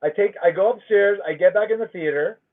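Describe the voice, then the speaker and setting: Ranting from home on his livestream, a man tells a story in a casual, emphatic, profane way. He speaks a little fast in a high-pitched voice, captured with thin, phone-like audio.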